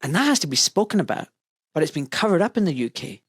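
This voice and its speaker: Scottish-born guy hosting a podcast, blunt and animated, lots of asides, dry close sound. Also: fairly high pitch, fast, slightly rough, dry recording. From Scotland. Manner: animated, blunt, full of asides and quoted voices. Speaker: podcast host, doctor. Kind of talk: casual opinionated podcast talk.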